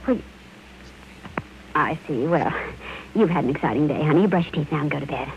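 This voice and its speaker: A gentle, flustered mother soothes her child in a hesitant way. It is old-time radio drama acting. It is heard through a dull, hissy old broadcast. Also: low-pitched, brisk, gravelly. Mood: soothing.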